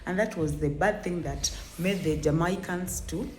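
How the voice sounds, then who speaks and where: Female reaction host, opinionated and earnest, dark tone, slight room echo and faint background hum. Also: fairly low pitch. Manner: earnest, emphatic, sometimes slow and halting. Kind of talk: opinionated commentary. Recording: echoey room with faint ambience.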